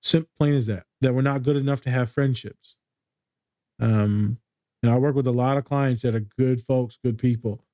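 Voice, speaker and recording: A man's voice: mid-range voice, steady tone, moderate pace, mellow, dry recording, highs cut off. A man talking in a casual podcast chat as a therapist, blunt and streetwise, swearing freely.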